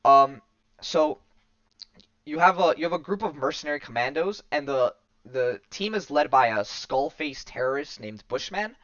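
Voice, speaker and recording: A man's voice: a little high, lively intonation, normal speed, a bit bright, dry recording. A man casually recapping a comic on a podcast, rambling with many fillers and restarts. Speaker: podcast host. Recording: dull lo-fi dry recording.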